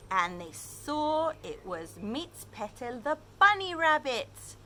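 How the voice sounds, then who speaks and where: A woman's voice: a little high, slight background noise. A woman reading a picture book aloud to children, then teaching them new words with lots of questions. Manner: animated, asks children questions. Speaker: children's storyteller and Hebrew teacher.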